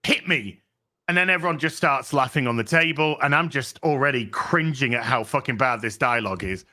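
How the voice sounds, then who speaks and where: Forceful, profane ranting man. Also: medium pitch, a little fast. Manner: profane, sarcastic, exasperated, acts out characters' lines. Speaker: podcast host. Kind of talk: casual review rant.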